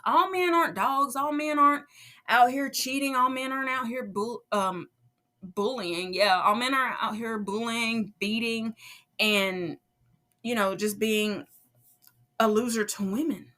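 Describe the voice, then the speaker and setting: A woman hosting a podcast tells her own faith testimony casually and animatedly, acting out quoted voices and laughing often. Her voice is fairly high and her pace measured.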